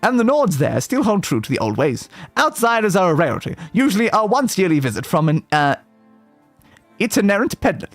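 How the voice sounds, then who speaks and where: Lively high-voiced streamer man reading lore. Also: a little fast, no echo, faint music behind. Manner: reads aloud with playful asides and self-corrections; stumbles on words and laughs at them. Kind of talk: casual livestream reading aloud.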